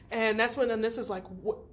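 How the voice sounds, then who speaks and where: A woman's voice: a little high, steady tone, a little slow, noisy background. A woman co-hosting a casual show recap who laughs often and quotes the characters in playful voices. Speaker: podcast co-host. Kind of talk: casual episode recap chat.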